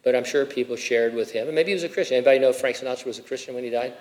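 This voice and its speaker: A man's voice: medium pitch, rapid-fire, a little mellow. A middle-aged man preaching a sermon as pastor, talking casually with asides and rhetorical questions, and lifting his voice when he reads scripture. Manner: reads scripture with rising emphasis. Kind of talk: expository sermon.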